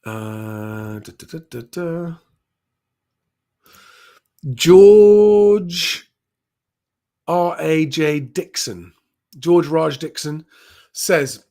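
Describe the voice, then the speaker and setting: A man's voice: fairly high pitch, expressive, measured pace, a little mellow. A man hosting a live property Q&A, reading out viewer comments and answering them in a chatty, plain-spoken way with frequent ums. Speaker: property advice host.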